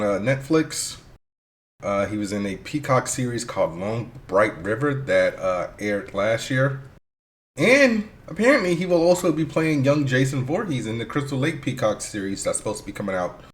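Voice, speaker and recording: A man hosting his own podcast, talking casually and thinking aloud, with fillers and the odd curse. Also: mid-range voice. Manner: rambling and loose, thinks aloud with fillers and swearing; hyped, shouty intro. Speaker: podcast host. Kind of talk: casual solo podcast talk.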